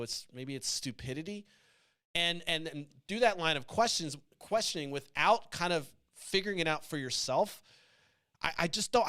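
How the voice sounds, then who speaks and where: A man's voice: a little high, fairly bright tone. A man hosting a political talk show, ranting bluntly with lots of swearing, restarts and rhetorical questions. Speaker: podcast host. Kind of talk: profane opinionated commentary.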